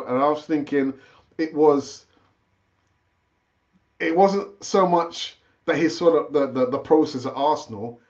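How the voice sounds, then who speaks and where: This man hosts a football channel and talks casually on a live stream, though the audio is dull. Chatty and animated, he wanders through fillers and false starts, his voice jumping higher in moments of excitement.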